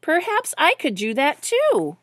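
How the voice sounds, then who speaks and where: A woman's voice: high-pitched, huge pitch swings, a little slow, a bit bright, no echo, voice pushed up, full character voice. A woman voicing a small, sad young male duck who hopes he can do something well, in a storybook reading. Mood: wistful.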